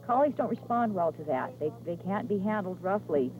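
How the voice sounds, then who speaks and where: A woman's voice: fairly low pitch, lively intonation, moderate pace, a little mellow, a little hiss or hum, low-quality recording. A woman dog owner giving a casual, pleased account of her dog's training. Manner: pleased, explanatory. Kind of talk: casual testimonial.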